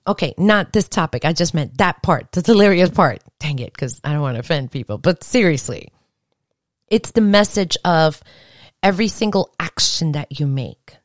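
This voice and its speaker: A woman with a low voice talks through a podcast episode, her pitch swinging up and down as she rambles earnestly and circles back on herself. The sound is close and dry. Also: dry recording. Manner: lively, earnest, rambling with restarts. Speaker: podcast host. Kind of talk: casual podcast monologue.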